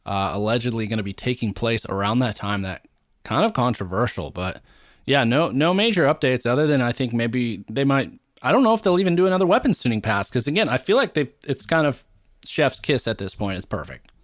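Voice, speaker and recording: A man's voice: mid-range voice, sing-song, brisk, dry recording. Chatty man on a gaming podcast, dry sound. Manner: chatty, rambling, lists weapons at length. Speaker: podcast co-host. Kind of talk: casual gaming podcast chat.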